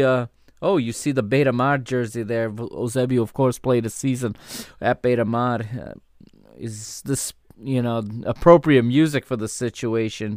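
Male podcast host, mid pitch, relaxed running commentary, dry close sound. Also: clean tone, no echo. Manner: chatty, easygoing, corrects himself mid-sentence. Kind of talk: casual match watchalong commentary.

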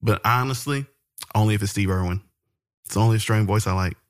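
A man co-hosting a casual podcast, talking in an animated way, laughing often and swearing freely. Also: lowish voice, fast. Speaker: podcast co-host.

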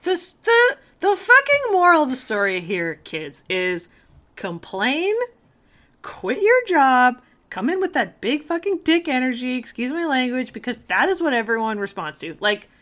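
A young woman chatting casually, with a bright and fairly high voice. Her pitch swings widely as she acts out what people said, dropping in swear words freely. The talk is loose and animated. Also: unhurried. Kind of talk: casual chat.

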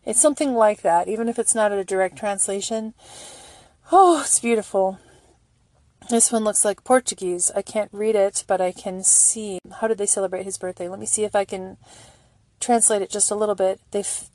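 A middle-aged woman and single mother giving a casual, emotional commentary as she reads fan charity posts aloud, gushing and slowing down to read. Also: fairly high pitch, no echo.

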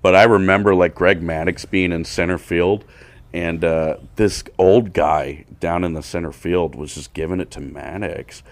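A man with a St. Louis accent, a comedian guest telling stories on a casual podcast, bursting into shouted impressions and laughter. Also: sits low, steady tone, normal speed.

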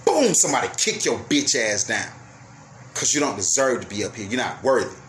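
A young man hosting a radio show, delivering a profane, heated rant that swings between yelling and apologizing. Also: mid-range voice, sing-song, brisk, a little hiss or hum. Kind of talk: ranting monologue.

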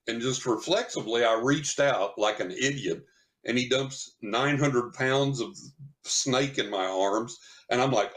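An older man, a psychic medium guest, telling a story in casual chat, lively and chuckling as he acts out what people said. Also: medium pitch, normal speed. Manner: animated anecdotal storytelling, chuckles often, acts out quotes.

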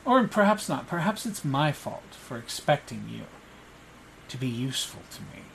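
A man's voice: medium pitch, very animated, moderate pace, creaky, fairly bright tone, a little hiss or hum, low-quality recording. Man doing a cold, menacing shadow-monster lord.

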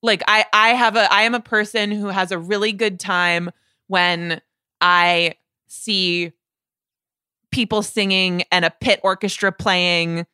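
A woman's voice: mid-range voice, fairly even intonation, takes it slowly, sharp tone, clear, resonant tone, no echo, studio quality. A woman co-hosting a podcast, chatting casually and playfully about an album, laughing now and then. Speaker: podcast co-host. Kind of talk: casual music discussion.

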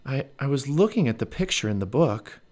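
A man's voice: mid-range voice, lively intonation, fairly quick, darkish tone, close to an everyday voice. A man voicing a careful, bookish young boy in a storybook reading, speaking hesitantly with stammers.

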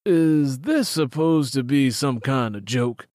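Casting: a man doing a gruff, slow-spoken small-town cop, suspicious, pressing hard, dry close sound. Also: medium pitch, expressive, a little mellow, dry recording. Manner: slow, deliberate, blunt questioning. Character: stern small-town male police officer, skeptical. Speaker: police officer. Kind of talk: audiobook character voice.

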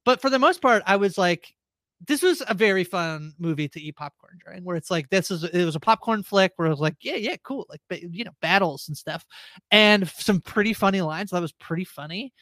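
A woman's voice: lowish voice, fairly quick, a bit bright, no echo, clean studio sound. A woman co-hosting a casual movie review podcast, rambling with lots of fillers. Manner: rambling, heavy use of "like" and fillers. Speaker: podcast co-host.

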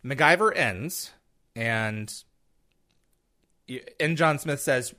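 A man's voice: medium pitch, animated, takes it slowly, pushed and bright. A man hosting an interview podcast, prompting his guest and laughing often. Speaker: podcast host. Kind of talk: casual interview.

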